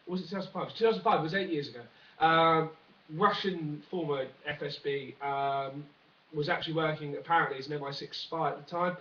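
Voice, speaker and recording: A young man rambles through a comic news rundown with lots of ums and asides. His voice is bright and a touch high. The recording is dull and roomy, picked up from a few feet away. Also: fairly even intonation, a little fast, recorded from a distance, a little hiss or hum. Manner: rambling, jokey, many fillers and asides. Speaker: vlogger. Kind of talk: one-take comedic news rant.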